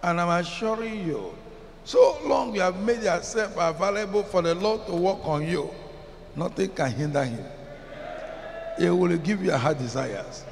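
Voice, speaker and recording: A man's voice: high-pitched, animated, moderate pace, background noise. A man with a Nigerian English accent preaching a sermon as pastor, emphatic and chanting some phrases, asking the congregation questions. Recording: long reverb in a large hall, faint ambience.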